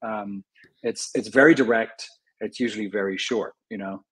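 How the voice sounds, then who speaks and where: A middle-aged man with an Irish accent, an actor talking as a guest in an interview, thoughtful, pausing with fillers and restarts. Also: on the low side, steady tone, fairly bright tone, husky, low-quality recording. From Ireland. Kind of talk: conversational interview.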